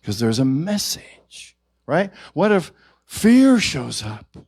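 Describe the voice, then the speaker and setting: A man's voice: a little high, big pitch swings, takes it slowly, creaky, darkish tone, slightly rough. A man preaching a sermon at a church service, drawing the congregation in with questions and call-and-response. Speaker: minister.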